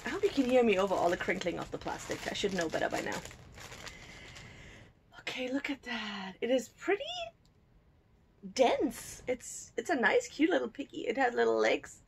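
A woman's voice: a little high, sing-song, normal speed, vocal fry, pauses often, a little hiss or hum. A woman from Germany chatting casually as she unboxes a subscription box at home, cooing over the cute items and giggling often. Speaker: unboxing vlogger.

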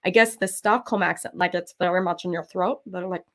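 An American woman in her thirties chats casually while stitching, her talk rambling and loose. She drifts from point to point with plenty of "like" and "um", slipping into quick giggles along the way. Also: on the low side, steady tone. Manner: rambling and giggly, full of "like" and "um", often trails into quick laughs. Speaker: cross-stitch designer and channel host.

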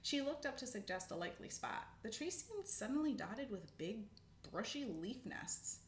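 A woman reading a children's book aloud with expressive storytelling. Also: a little high, normal speed. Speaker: narrator. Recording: echoey room, faint noise.

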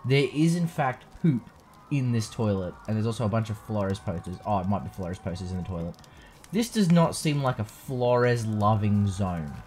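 A man's voice: fairly low pitch, moderate pace, a little hiss or hum. A young man casually commentating a video game playthrough, joking and swearing freely. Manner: profane, joking, animated. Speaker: let's play host.

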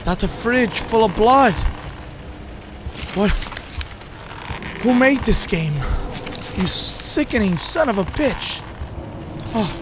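Man, hoarse, sick voice, high-pitched, jumpy, swearing, horror game commentary. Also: animated, takes it slowly, long pauses, background noise. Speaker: gaming channel host.

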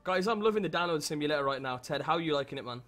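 A man's voice: fairly high pitch, expressive, rapid-fire, fairly bright tone, soft background music. A man hosting a live game stream, chatting and joking with friends and viewers. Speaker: livestream host. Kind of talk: casual chat while streaming.

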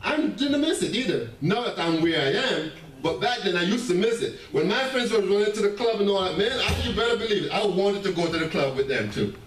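A man preaching in a church with a high voice that rises and falls as he works up his point, breaking into laughing asides and tripping over his own restarts. He is heard from some way off the mic, in a roomy, echoey hall with a faint hiss behind him. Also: expressive, fairly quick, few pauses, recorded from a distance. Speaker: pastor. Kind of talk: sermon. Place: church sanctuary.

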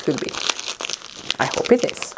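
A woman beauty vlogger unboxing gifts in a casual, excitable and emotional way. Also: unhurried, heavy background noise. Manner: excitable and emotional, squealing with delight.

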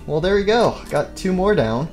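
A man's voice: high voice, animated, normal speed, darkish tone, faint music behind. Rambling man narrating his game play. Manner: rambling, talks to himself while playing. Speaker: roleplay creator and seeker. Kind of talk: game roleplay chatter.

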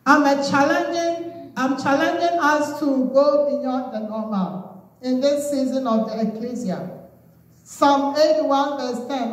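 A Ghanaian woman preaches in a high voice. She stirs her listeners and leans on Amens and Hallelujahs. Her voice rings through a very echoey hall and sounds as if it comes from some way off the mic. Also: slow. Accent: Ghanaian English. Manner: exhorting, call-and-response with Amens and Hallelujahs. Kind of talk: sermon. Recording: very echoey room, voice from far off.

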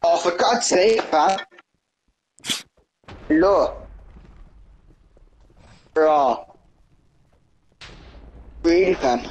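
A man's voice: fairly high pitch, lively intonation, very slow, pauses often, slight background noise. A young man, talking into a phone in street slang, flipping between pleading and acting tough in a comic prank skit. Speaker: prankster answering calls.

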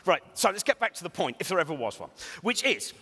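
A man's voice: sits high, fast, slightly rough. A man giving a comic lecture in a large hall, rambling and interrupting himself. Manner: rambling, self-interrupting, animated. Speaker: comedian giving a talk. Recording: reverberant hall.

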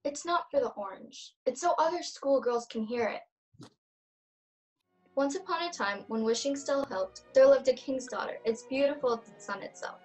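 Teen girl doing dry teasing young woman, high voice, tells fairy tales, faint music. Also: moderate pace, recorded from a distance, close to an everyday voice, rough recording. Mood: wry. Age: teens. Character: witty young woman storyteller, Dortchen. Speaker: student actor, storyteller.

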